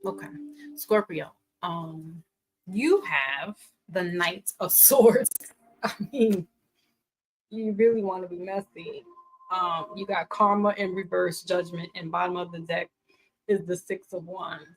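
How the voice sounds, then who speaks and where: Slow-talking, playful woman reading tarot. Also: on the low side, rough recording. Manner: playful, teasing, chatty, laughs often. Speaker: tarot reader.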